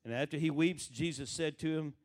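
A man's voice: fairly high pitch, brisk. Male preacher, conversational. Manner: conversational, questions the congregation, acts out quoted voices. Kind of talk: sermon.

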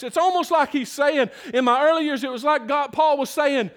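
An older man preaching a sermon in a folksy, emphatic way that builds to loud peaks. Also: very high-pitched, normal speed, hardly any pauses.

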